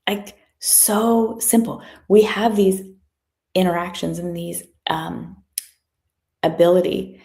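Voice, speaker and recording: A woman giving a motivational talk as a guest speaker, telling a story from her work in an animated way and acting out the people in it. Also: on the low side, slow pace. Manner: animated, acts out quoted voices.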